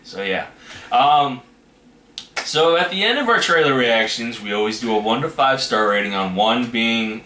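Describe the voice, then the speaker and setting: With lively intonation and a moderate pace, a man hosts a casual trailer reaction in a pushed, bright medium-pitched voice. He rambles and keeps hedging with "you know what I mean," recorded in an echoey room with faint noise.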